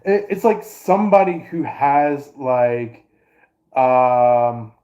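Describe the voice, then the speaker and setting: A man's voice: medium pitch, expressive, slow pace, dark tone, highs cut off. A man doing a casual astrology reading to his viewers, rambling with many fillers and restarts. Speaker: astrology and tarot reader.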